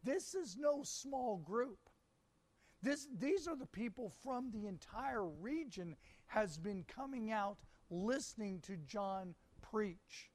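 A man delivering a sermon in a high voice. He takes his time, pausing for emphasis as he reads scripture and explains it to the congregation. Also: lively intonation, a little mellow. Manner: slow, deliberate preaching with emphatic pauses. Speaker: preacher.

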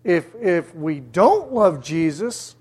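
Preacher, sermon, slow and deliberate, husky, emphatic repetition. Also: mid-range voice, very animated, darkish tone. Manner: emphatic, repeats key words for stress.

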